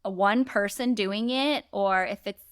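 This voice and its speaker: A woman in her thirties co-hosting a podcast, telling stories in a chatty, animated way with lots of "like". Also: medium pitch, a little slow, clean tone, no echo, clean studio sound. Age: 30s. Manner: chatty, animated storytelling with frequent "like". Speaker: podcast co-host. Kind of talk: casual chat.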